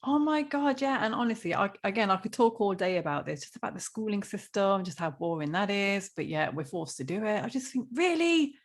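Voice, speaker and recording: A woman's voice: medium pitch, animated, brisk, hardly any pauses. A woman hosting a podcast interview, responding with frequent encouraging affirmations. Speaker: podcast host. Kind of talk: interview chat.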